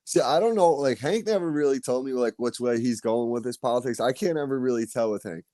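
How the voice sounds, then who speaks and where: A man's voice: mid-range voice, a little fast, warm tone, dry recording, clean studio sound. A man hosting a podcast, telling stories in loose, profane casual chat. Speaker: podcast host.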